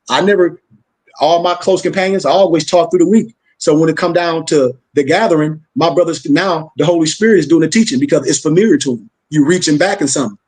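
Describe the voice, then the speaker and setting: A man with a Gullah accent from Florida leads a spiritual class, his voice sitting a touch high. He talks fast and rhythmic, sliding into a preacher's cadence with loose slang. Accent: Gullah-influenced Southern US. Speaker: spiritual teacher. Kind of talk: informal class discussion.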